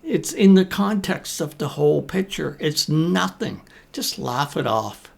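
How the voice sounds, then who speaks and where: Encouraging male English coach, conversational, slight gravel in the voice. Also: a little high, very animated, darkish tone. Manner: encouraging, conversational, uses deliberate pauses. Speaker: business English teacher. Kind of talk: talking-to-camera coaching talk. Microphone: talking to camera.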